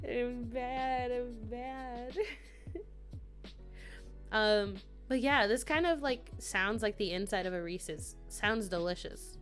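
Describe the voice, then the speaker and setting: A woman in her twenties or so chats with her viewers on a live stream, giggling often and drifting from thought to thought. She talks at an unhurried pace in a middle-pitched voice. Faint music plays quietly behind her. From United States. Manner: giggly, rambling, chatting with viewers. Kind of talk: casual live-stream chat.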